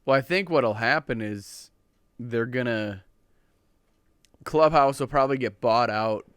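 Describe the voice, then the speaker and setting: Animated Midwestern man telling stories. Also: medium pitch, measured pace, clear, resonant tone, no room sound, clean studio sound. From Minnesota. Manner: animated storyteller, acts out voices of others. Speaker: podcast co-host. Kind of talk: casual chat.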